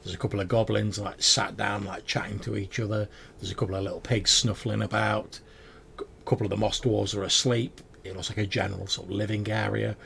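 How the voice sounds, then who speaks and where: Male game master, gravelly voice, meandering narration, faint hiss behind. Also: fairly low pitch, little pitch movement, a little fast, fairly bright tone. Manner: rambling, filler-heavy description.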